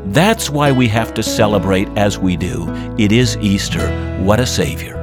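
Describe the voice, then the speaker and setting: A man's voice: on the low side, lively intonation, moderate pace, loud music behind the voice. A man preaching a sermon in an earnest, emphatic way. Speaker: pastor. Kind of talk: radio sermon.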